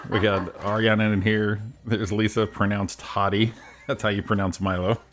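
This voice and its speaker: Deep-voiced joking man hosting radio. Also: level tone, normal speed. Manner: joking, teasing banter. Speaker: radio morning show host. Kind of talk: casual radio chat.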